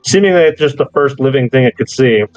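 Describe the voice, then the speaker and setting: A man's voice: medium pitch, expressive, quick pace, a little mellow, no room sound, rough recording. A man narrating a tabletop game as game master, dry and wry.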